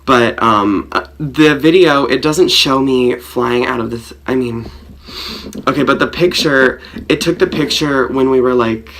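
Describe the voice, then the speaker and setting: Guy rambling thru a storytime vlog, gravelly kinda fry-ish voice, lots of likes. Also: mid-range voice, a little slow, a bit bright, slight background noise. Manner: rambling, filler-heavy, self-mocking. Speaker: vlogger.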